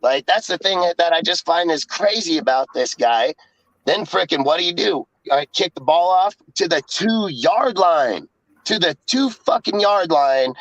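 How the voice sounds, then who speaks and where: A man's voice: on the high side, a bit bright, no room sound. A man ranting profanely and in exasperation about a football game in casual sports talk. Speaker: podcast co-host. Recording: dull dry lo-fi sound.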